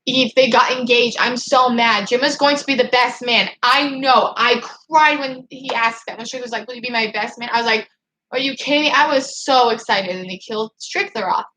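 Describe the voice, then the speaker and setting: Excitable woman ranting on a livestream. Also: fairly high pitch, normal speed, hardly any pauses, a little hiss or hum, low-quality recording. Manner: excitable and frustrated, heavy use of "like". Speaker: channel host reading live chat. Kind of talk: casual livestream rant.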